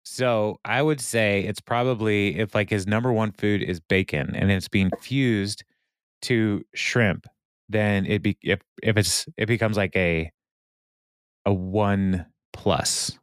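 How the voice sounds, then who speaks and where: A man co-hosting a podcast, recapping a TV episode in an animated, casual way with many filler sounds. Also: lowish voice, slow, clean tone, no room sound, studio quality. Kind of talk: casual chat.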